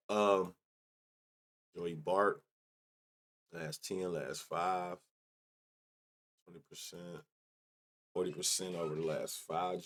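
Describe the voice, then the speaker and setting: Low-voiced man muttering through baseball stats. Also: fairly bright tone. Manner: thinks aloud, reads off numbers, mutters, casual swearing. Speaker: sports betting show host. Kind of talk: casual solo stats rundown.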